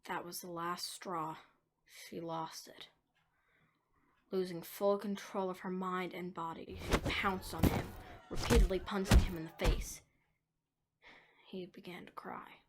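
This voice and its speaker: A woman's voice: fairly low pitch, level tone, a little slow, long pauses, noisy background. Woman narrating a story, dropping to whispers. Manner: dramatic, shifting between whispers and emphasis.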